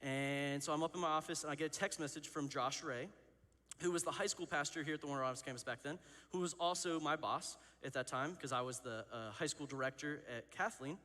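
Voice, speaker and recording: A student pastor in his thirties gives a youth sermon built on personal stories, talking in a rapid, rambling rush. His slightly high voice is bright and forceful, full of fillers and self-mocking laughter, and it carries through a long hall reverb in a candid, chatty way.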